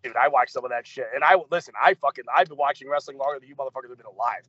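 A man co-hosting a podcast in casual chat, swearing constantly and ranting in animated mock quotes. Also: mid-range voice, very fast, breathy edge, dry recording, highs cut off. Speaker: podcast co-host.

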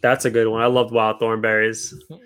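A man's voice: fairly low pitch, completely flat delivery, brisk, fairly bright tone, clean tone, soft background music. A young adult man hosting a casual chat, loose and joking with slangy talk.

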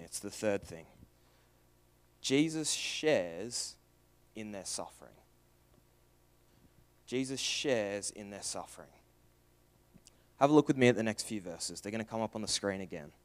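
A young man preaches a sermon earnestly, asking questions and moving from raised emphasis to hushed, quiet passages. His pitch is medium.

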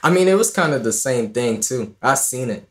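A man's voice: medium pitch, fairly quick. Irish-raised man, echoey room. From Ireland. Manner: storytelling, relaxed, trailing restarts. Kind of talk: casual chat.

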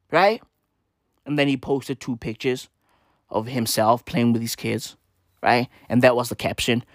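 A woman's voice: very deep voice, steady tone, unhurried, long pauses, no echo, studio quality. A woman delivering a brash, slangy, profane comedy rant that keeps circling back to the same phrases. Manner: brash, slangy, repetitive, swearing.

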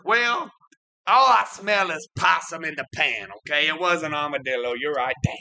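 High bright guy telling a goofy story on a podcast, gets loud all of a sudden, dry mic. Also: moderate pace, no echo. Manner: animated, jumps into loud outbursts. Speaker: co-host.

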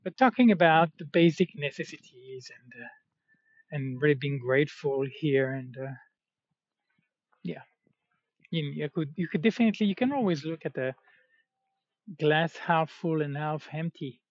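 A man's voice: on the high side, expressive, normal speed, long pauses, dry recording. A man talking in a rambling, casual monologue, full of fillers and self-corrections. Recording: dull, slightly muffled, dry sound.

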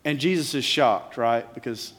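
Male pastor, sermon, emphatic yet chatty, average pitch, sinks to soft lows. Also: normal speed. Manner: emphatic, conversational, drops to quiet lows.

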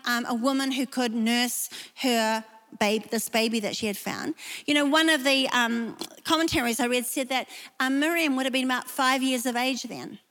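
Bright, high-voiced woman preaching in a hall. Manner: lively, emphatic, reads scripture aloud. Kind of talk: sermon.

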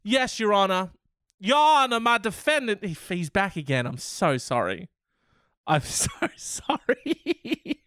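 A man's voice: high voice, big pitch swings, moderate pace, a bit bright, clear, resonant tone, no room sound, studio quality, voice pushed up. A man playing a flustered, pompous defense lawyer. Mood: pleading. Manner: over-formal, flustered pleading. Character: mock-pompous male defense lawyer addressing a judge.

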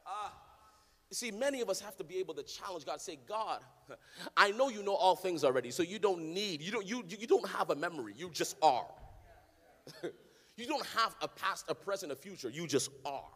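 A man preaching a sermon to a congregation, swinging from low conversational talk to loud sing-song shouting. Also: expressive, moderate pace, long reverb tail. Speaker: pastor. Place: church hall with congregation.

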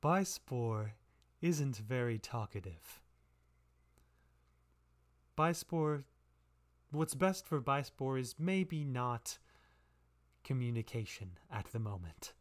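A man voicing a protective male half-elf who speaks gently behind a fake smile. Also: mid-range voice, lively intonation, takes it slowly, pauses often. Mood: soothing. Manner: soft, gentle, falsely reassuring.

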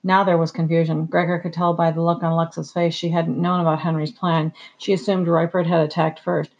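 A steady, measured audiobook narrator with a gravelly voice at a middling pitch. The sound is slightly dull and muffled, like a modest home recording.

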